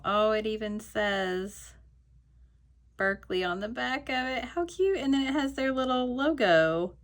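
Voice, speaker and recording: A woman's voice: mid-range voice, unhurried, a bit bright. A woman vlogging a stationery haul, chatting through a story, then gushing with emotional, breathless exclamations as she unboxes. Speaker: stationery YouTuber. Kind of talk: casual haul vlog, unboxing.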